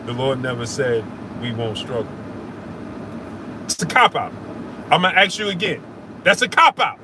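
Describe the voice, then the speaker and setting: A man's voice: mid-range voice, very animated, moderate pace, background noise. A man hosting a casual live stream, arguing with viewers in the chat, repeating himself and calling them brother. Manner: argumentative, repeats himself, calls listeners brother. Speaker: sports show host answering live chat.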